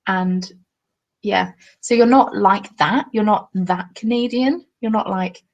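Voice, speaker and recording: Chatty woman with a gravelly edge. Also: mid-range voice, slow, lo-fi sound. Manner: chatty and self-deprecating, apologetic asides. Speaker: crafting livestream host. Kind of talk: casual live-stream chat, reading comments.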